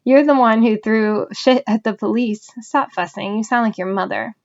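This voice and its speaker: A woman's voice: a little high, fairly even intonation, moderate pace, gravelly, lo-fi sound. A woman reading the part of a cheeky, stubborn grandmother who sounds breezy and indignant.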